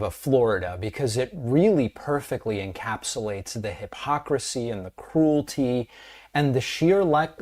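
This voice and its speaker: A man's voice: medium pitch, a little mellow. A man giving indignant online news commentary, stressing his points emphatically.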